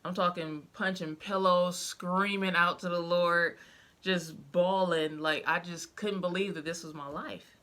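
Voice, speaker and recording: Speaking a little slowly with fairly even intonation, a young mother vlogs to camera in a fairly low, sharp-toned voice. Her casual stories about her life as a mother are heartfelt and emotional, with many fillers.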